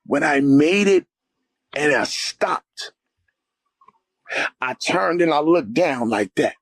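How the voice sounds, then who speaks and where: A man's voice: a little high, animated, slow pace, dry recording. A man, a guest on the show, telling an emotional spiritual testimony in a fervent, vivid way and often calling his listener "man" or "brother".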